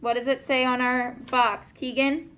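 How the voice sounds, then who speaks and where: A woman teaching a class of young students, patiently asking questions and slowing down to spell out and explain words. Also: sits high, little pitch movement, a bit bright, smooth.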